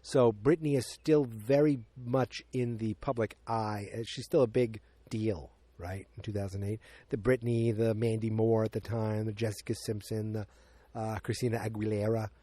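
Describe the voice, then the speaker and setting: A man's voice: on the low side, steady tone, normal speed, mellow, no room sound. Rambling man recapping a movie, dry sound. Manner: rambling, with many fillers and acted-out quotes. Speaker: podcast host.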